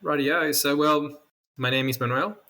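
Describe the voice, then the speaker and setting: A man's voice: a little high, steady tone, moderate pace, sharp tone. A man from Venezuela with a Venezuelan Spanish accent, a podcast guest chatting casually and laughing easily. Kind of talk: casual interview chat.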